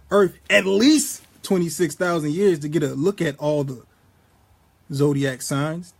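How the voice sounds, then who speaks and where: A man with a high-pitched voice delivers a rambling spiritual monologue. He talks in a preachy, profane, street-casual way. When he quotes scripture, he slows down and reads each line deliberately. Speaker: vlogger.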